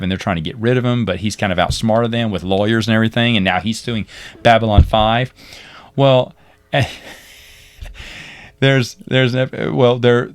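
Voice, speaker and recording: A man co-hosting a podcast, retelling TV episodes in a rambling, animated way with laughs. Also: lowish voice, dry recording. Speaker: podcast co-host. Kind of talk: casual chat recapping a TV series.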